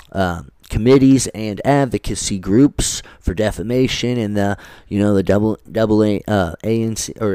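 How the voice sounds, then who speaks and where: A man with a low, smooth, clear voice, mellow in tone, who rambles and restarts with lots of fillers while reading dense legal text. He records into a close mic in a dry room with little reverb. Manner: swears casually. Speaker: podcast host. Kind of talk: casual commentary, reading legal text aloud.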